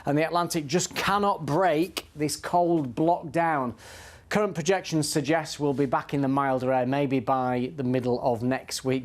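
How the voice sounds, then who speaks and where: A man presenting the regional TV weather forecast in a relaxed, conversational way. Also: a little high.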